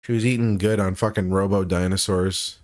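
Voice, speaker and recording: A man's voice: deep voice, steady tone, brisk, slight background noise. A man co-hosting a casual reaction chat, joking and sarcastic, swearing freely. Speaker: co-host reacting to a trailer.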